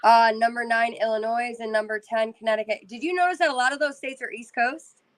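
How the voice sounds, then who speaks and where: A playful woman with a fairly high voice co-hosts a loose live-stream chat, bantering and reading items off a list in turn. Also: fairly even intonation, fairly quick, no room sound, low-quality recording.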